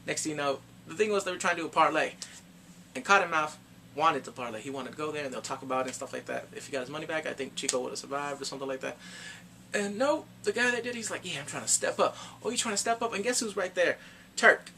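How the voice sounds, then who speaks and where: A man casually reviewing a TV series in slangy, animated chat, laughing often. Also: fairly high pitch, quick pace, vocal fry, slight background noise. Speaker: show reviewer.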